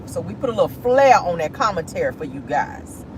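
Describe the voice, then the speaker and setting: A woman giving sassy, animated celebrity gossip commentary while driving in her car. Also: fairly low pitch, fairly quick, slight background noise, low-quality recording. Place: in a car, driving near an airport.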